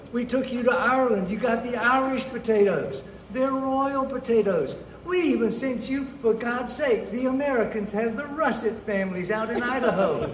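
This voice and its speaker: A man's voice: very high-pitched, a little hiss or hum, voice pushed up. A man playing a stern, indignant royal potato father in a comic birthday speech. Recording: echoey hall from far off.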